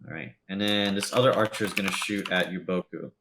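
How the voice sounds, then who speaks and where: A man's voice: sits low, steady tone, fairly quick, background noise. A man running a tabletop game as game master, narrating loosely with lots of fillers and laughs.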